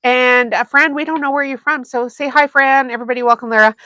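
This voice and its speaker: A woman's voice: high voice, fairly even intonation, fast talker, pushed and bright. A woman hosting a sewing livestream, chatting casually with viewers and laughing often. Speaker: sewing channel host.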